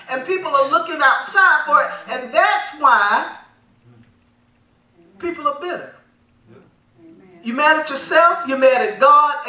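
A woman pastor delivers a sermon in a high, bright voice, pressing questions that the congregation answers back. She laughs lightly as she preaches. The sound carries a roomy echo from a mic set some distance away. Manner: emphatic call-and-response preaching. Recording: echoey hall, mic at a distance.

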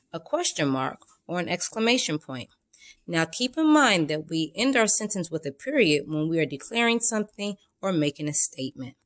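A woman teaching a children's lesson, expressive and acting out example sentences. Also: on the low side.

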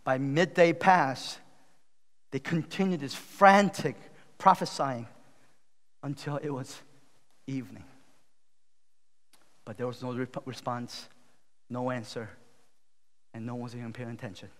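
A male pastor preaching a sermon, retelling a Bible story with loud emphatic peaks and low, slow, quiet appeals. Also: fairly even intonation. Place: church sanctuary. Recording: long hall reverb.

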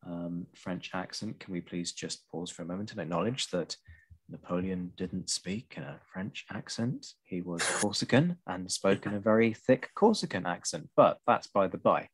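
A man hosting a podcast, talking through a strategy game in a measured way with dry historian's asides. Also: low voice, lively intonation, husky. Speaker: podcast host. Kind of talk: casual discussion while playing.

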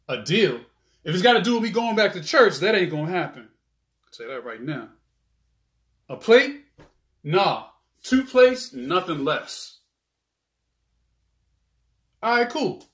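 Man, slangy theatrical monologue, high voice, roomy echo. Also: sing-song, normal speed, long pauses, a bit bright. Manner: streetwise slang, bargaining with an aunt. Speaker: monologue actor.

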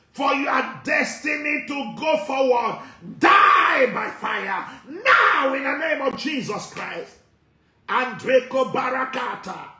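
A man with a very high, bright, piercing voice shouts prayers, repeating commands and breaking into tongues. He leads a deliverance prayer session, and the sound rings in an echoey church hall. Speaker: pastor.

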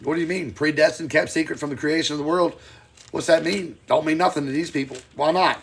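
A man preaching in a live-streamed Bible teaching. He is fiery and emphatic, swinging between loud and quiet, and reads scripture slowly and deliberately. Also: a little high, fairly even intonation, creaky, breathy edge.

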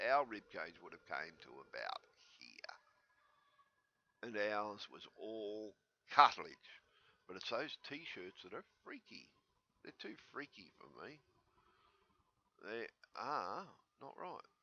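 Gravelly toothless man rambling excitedly. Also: lowish voice. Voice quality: speaking without teeth, slightly slurred. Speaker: vlogger. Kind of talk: rambling casual commentary. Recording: dull lo-fi home recording.

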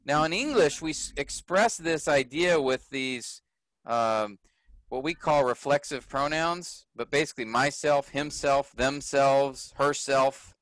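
A man's voice: mid-range voice, unhurried, fairly bright tone, no echo, rough recording. A man teaching a class, explaining grammar patiently and often checking whether his students follow.

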